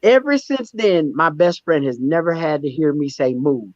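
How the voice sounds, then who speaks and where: A man telling candid stories as a guest in a conversational interview, emphatic and animated, often repeating words as he restarts. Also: fairly high pitch, moderate pace, no echo, highs cut off. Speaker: stand-up comedian and guest.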